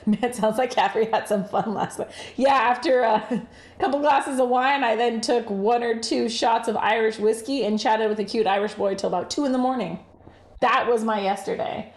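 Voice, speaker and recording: A woman hosting a casual livestream, chatting and laughing often while she bakes and reads out viewer comments. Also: fairly high pitch. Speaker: livestream host. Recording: roomy echoey room.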